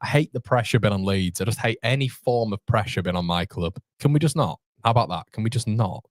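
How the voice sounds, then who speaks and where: A man hosting a live match watchalong, chatty and excitable, talking straight to his viewers. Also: fairly low pitch, brisk, no room sound. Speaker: host of a football fan channel.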